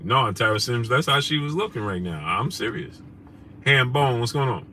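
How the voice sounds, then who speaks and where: New guy on a live stream, bright punchy voice, slangy, shouting out chat names, bit of noise behind. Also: medium pitch, lively intonation, normal speed. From New York. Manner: loose, slangy, shouting out viewers by name. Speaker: host. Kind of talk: casual live-stream chat, reading super chats.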